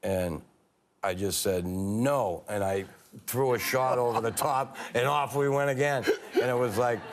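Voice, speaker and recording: A man, a former hockey player telling candid stories in a TV studio interview, halting with many fillers and restarts. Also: medium pitch.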